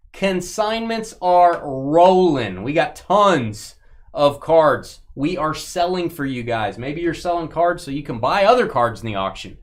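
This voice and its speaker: A male host running a live sports card break, talking casually and cracking jokes as he reveals each card. He now and then breaks into loud excited calls. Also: high-pitched. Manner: jokey, excitable, breaks into goofy shouts.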